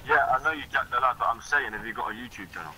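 A man's voice: medium pitch, fast, bright, forceful tone, a little hiss or hum, low-quality recording. A man questioning another player in disbelief over game voice chat. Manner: quizzing, incredulous.

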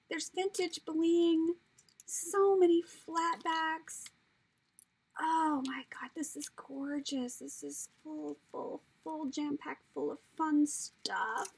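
A woman's voice: high voice, poor audio. A woman gushing over craft supplies she received in the mail, gasping and often dropping into a whisper as she talks. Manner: gushing, breathy gasps, drops into whispers. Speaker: crafter opening happy mail. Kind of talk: casual unboxing chat.

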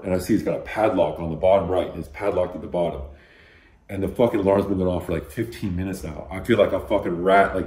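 Casting note: deep-voiced male guest, casual and profane, lots of "like", echoey room. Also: darkish tone. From Los Angeles. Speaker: graffiti artist guest. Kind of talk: casual storytelling interview.

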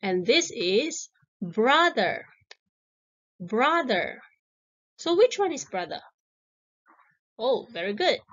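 Slow, lively woman teaching children English. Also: on the high side, highs cut off. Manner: encouraging, drawn-out words repeated twice.

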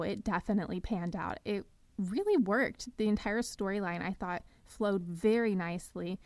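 Young woman podcast host, enthusiastic and gushing, warm mellow tone. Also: medium pitch, dry recording. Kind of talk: scripted podcast recap monologue.

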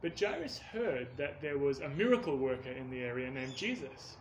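A man narrating a children's story in an earnest, expressive way, lifting his voice on key words. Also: mid-range voice, normal speed, a little hiss or hum. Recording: echoey room.

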